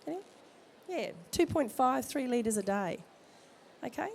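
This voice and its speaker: This midwife has a cold and a high, creaky voice with a darkish tone, speaking animatedly at a measured pace. In an expo hall, she gives expectant parents informal, jokey, direct advice as a speaker at a baby expo, with a little hiss or hum audible.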